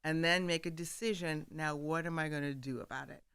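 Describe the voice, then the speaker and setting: A woman speaks with a bright, forceful tone and a smooth, crisp clarity, animated and quick to laugh as she recounts conversations. She talks into a studio microphone in a dry, close sound with no room echo. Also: deep voice. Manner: animated, laughs often, acts out quoted dialogue. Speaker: guest author. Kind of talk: candid storytelling in conversation. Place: radio studio.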